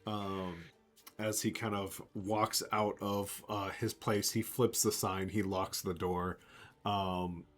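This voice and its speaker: A man narrating a tabletop game as game master, lively and slipping into character voices. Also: lowish voice, slow, faint music behind. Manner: animated, jumps into character voices.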